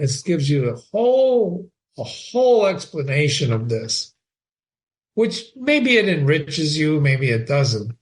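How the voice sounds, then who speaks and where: A man's voice: a little high, very animated, takes it slowly. A man hosting a casual read-aloud of a play, with chatty, offhand asides between passages. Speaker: host reading a play aloud.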